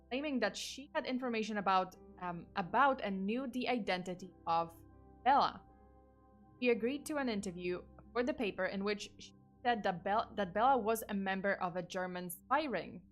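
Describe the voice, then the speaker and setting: A woman's voice: mid-range voice, fairly bright tone. A woman streamer telling a true crime story in a casual, rambling way, with lots of fillers and restarts and the odd swear word.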